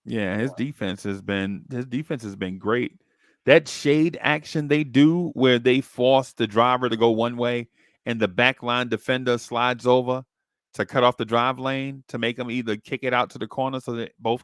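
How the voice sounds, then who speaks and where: Gravelly man calling plays casually. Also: mid-range voice, fairly even intonation, normal speed, no echo, clean studio sound. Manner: teasing, calls plays as they happen. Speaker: podcast host reading chat. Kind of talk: casual watch-along chat and play-by-play.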